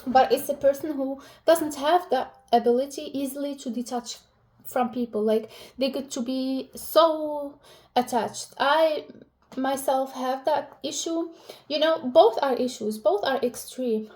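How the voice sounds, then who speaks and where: A young woman talks to her viewers in a loose, heartfelt way, full of fillers, self-corrections and restarts. Her voice sits high for a woman. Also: measured pace, darkish tone. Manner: chatty, emotional, many fillers and restarts. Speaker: relationship vlogger. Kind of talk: casual personal talk to camera.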